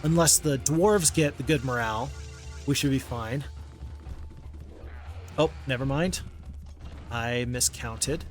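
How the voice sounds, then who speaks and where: A man's voice: mid-range voice, slow pace, pauses often, soft background music. A man giving casual gameplay commentary as a channel host, thinking aloud, counting under his breath and criticizing his own moves.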